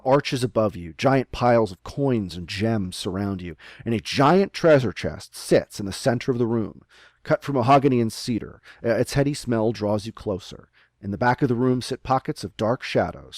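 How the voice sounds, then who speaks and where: A man's voice: lowish voice, darkish tone, no room sound, clean studio sound. A man narrating as game master of a tabletop game over a remote call, rambling with many fillers and restarts. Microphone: remote call microphone.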